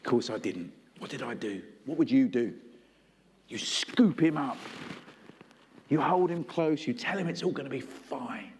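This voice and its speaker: A man's voice: medium pitch, animated, a little slow, darkish tone, slight background noise. A male preacher delivering a sermon in a conversational storytelling style, acting out voices. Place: church hall. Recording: long hall reverb.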